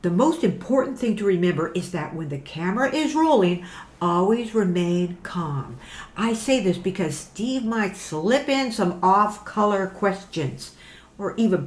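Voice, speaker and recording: A woman voicing a brisk, businesslike promoter who pitches merchandise in an upbeat, salesy way. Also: animated, natural voice. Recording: roomy echo.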